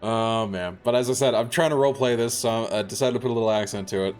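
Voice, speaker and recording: A man's voice: medium pitch, quick pace, a little mellow, soft background music. A man streaming a video game, chatting casually in a rambling way with many fillers and laughing at himself. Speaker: variety streamer. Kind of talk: casual gameplay commentary.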